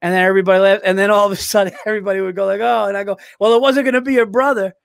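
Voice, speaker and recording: Comedian, male, high voice, rambling storyteller who laughs at his own jokes; dry, close sound. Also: steady tone, racing, gravelly, no room sound. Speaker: stand-up comedian. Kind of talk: casual podcast chat.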